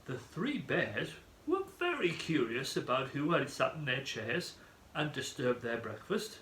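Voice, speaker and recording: A man narrating a children's story in an animated, expressive manner. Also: mid-range voice, a little slow, a little hiss or hum. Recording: echoey room.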